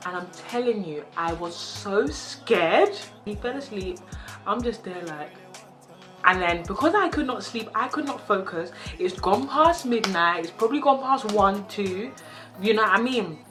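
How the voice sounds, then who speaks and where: A woman's voice: mid-range voice, a little slow. Young girl telling a story, dramatic and jokey, music playing behind. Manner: animated, dramatic, laughing storyteller. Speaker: vlogger. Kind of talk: storytime vlog. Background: background music.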